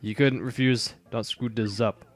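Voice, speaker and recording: A man voicing a gruff male mob henchman with a mock Chicago gangster accent, talking tough and drawn out. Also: mid-range voice, fairly even intonation, natural voice. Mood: threatening, bargaining. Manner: tough-guy gangster talk, slow and drawn out.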